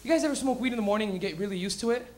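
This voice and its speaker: A man hosting a comedy show, doing a loud, crude stand-up bit with acted-out rants. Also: high-pitched, very fast. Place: comedy club stage.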